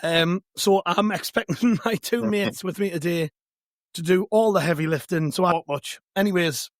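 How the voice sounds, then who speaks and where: A hoarse, worn-out man with a raspy voice, hosting a podcast in a chatty, self-mocking, rambling way. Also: high voice, moderate pace, no room sound, studio quality. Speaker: podcast host. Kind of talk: casual chat.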